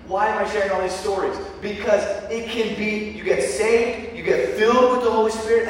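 Lively male preacher, fairly high voice, large echoey hall, heard from a distance. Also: fast, hardly any pauses, a crowd in the background. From Lancaster County, Pennsylvania. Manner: energetic, storytelling with call-and-response. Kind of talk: sermon. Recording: echoey hall recorded from far off.

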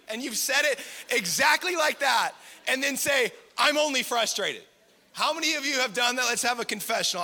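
A man with a fairly high, very bright voice preaches a lively sermon, joking and firing questions at the audience. His voice carries a long hall reverb. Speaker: preacher at a community gathering. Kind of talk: lively sermon with crowd interaction. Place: large hall with live audience.

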